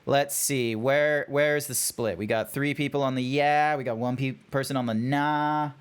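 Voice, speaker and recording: A young Australian man giving chatty, animated commentary on a game while he talks to his stream chat. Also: medium pitch, normal speed, clear, resonant tone. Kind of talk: casual gameplay commentary.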